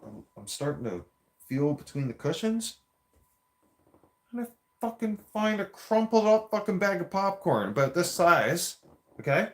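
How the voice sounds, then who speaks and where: A man's voice: high voice, big pitch swings, measured pace, long pauses. A man telling a story in a heated, profane, rambling rant with frequent restarts, a few beers in. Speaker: vlogger.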